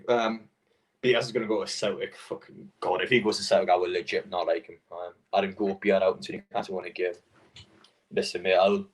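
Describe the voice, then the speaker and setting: A man's voice: low voice, slightly rough. A young man hosting a live football stream, rambling and swearing in frustration between fillers. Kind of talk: casual football watchalong chat.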